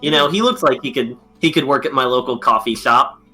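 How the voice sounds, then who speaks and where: Bright-voiced, jokey male gamer. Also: mid-range voice, fairly quick, soft background music. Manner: rambling and jokey, many fillers. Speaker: player. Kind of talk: casual tabletop game play.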